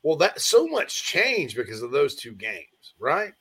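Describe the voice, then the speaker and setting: A man's voice: medium pitch, measured pace, husky. Rambling male sports talk host. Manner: rambling, animated, reads viewer comments aloud. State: yawning, distracted. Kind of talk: casual live-stream sports talk.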